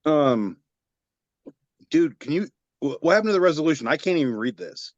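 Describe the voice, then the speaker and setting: A laid-back man hosts a podcast and reads memes with swearing, deadpan asides, his voice sitting a touch high. The audio is muffled and lo-fi but dry. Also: normal speed, dry recording. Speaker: podcast host. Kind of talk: casual chat reading memes aloud.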